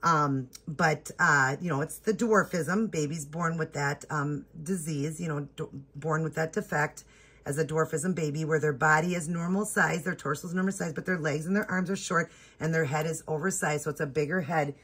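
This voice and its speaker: A woman vlogger chatting excitedly to her viewers while unboxing, gushing with drawn-out exclamations. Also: deep voice, breathy edge. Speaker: reborn doll vlogger.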